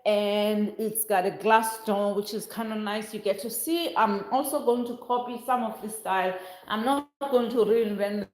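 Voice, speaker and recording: A woman's voice: mid-range voice, steady tone, normal speed. A middle-aged woman with a South African accent, chatting casually as she walks through a large house. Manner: chatty, exclaiming, rambling asides. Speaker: vlogger. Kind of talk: casual walkthrough vlog. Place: inside a large empty house under construction. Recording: echoey rooms. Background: workers and noise nearby.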